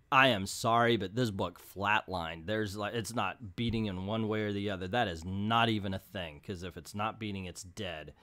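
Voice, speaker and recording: A man's voice: on the low side, fairly bright tone. Rambling, exasperated middle-aged man. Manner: rambling, hesitant, exasperated, with playful jokes. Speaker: comic book reviewer, channel host. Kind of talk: casual video review monologue.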